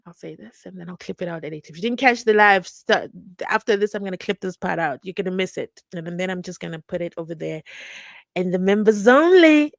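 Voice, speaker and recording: A woman's voice: lowish voice, fast talker, vocal fry, no room sound. A woman from South Africa hosting a casual livestream, reading viewer comments and reacting with bursts of song and playful asides. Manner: animated, sings snippets, reads viewer comments aloud. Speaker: livestream host.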